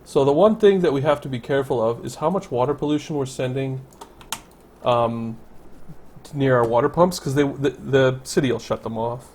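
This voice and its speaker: A man's voice: medium pitch, normal speed, a little mellow, slight background noise. A man casually commenting on his city-building game, thinking aloud and correcting himself as he goes. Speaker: let's play commentator.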